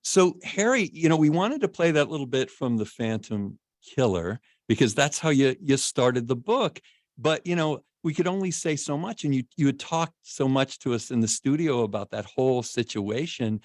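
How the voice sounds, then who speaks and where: A man's voice: mid-range voice, animated, normal speed, dry recording, clean studio sound. A man hosting a radio show, talking casually with many restarts. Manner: rambling, warm-hearted, lots of restarts.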